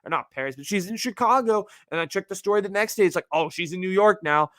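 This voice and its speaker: In a dry recording, this young podcast host rants fast with hardly any pauses. He's animated, slangy and profane, slipping into mocking, high-pitched voices during his casual solo rant.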